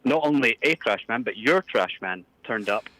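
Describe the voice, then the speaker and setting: A man's voice: mid-range voice, animated, moderate pace, sharp tone, no room sound, poor audio. Exasperated Scottish man calling in. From Scotland. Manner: exasperated, complaining. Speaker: caller posing as a priest. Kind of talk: comic call-in.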